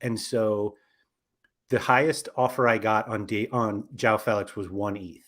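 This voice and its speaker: A man's voice: on the low side, steady tone, a little slow, a bit bright. A man hosting a casual podcast, talking in a rambling way with lots of fillers and self-corrections. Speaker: podcast host.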